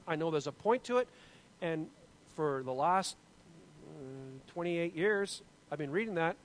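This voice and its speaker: A man's voice: a little high, low-quality recording. A man in his forties giving an informal Bible lesson, asking the class questions and often restarting his sentences. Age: 40s. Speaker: Bible teacher.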